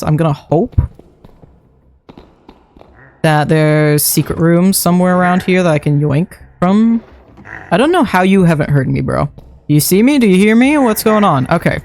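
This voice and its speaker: A man's voice: on the high side, animated, moderate pace, darkish tone, slight background noise. A man livestreaming a game, chatting and muttering his thoughts aloud as he plays. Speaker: streamer. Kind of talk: live game-stream commentary. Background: faint background music.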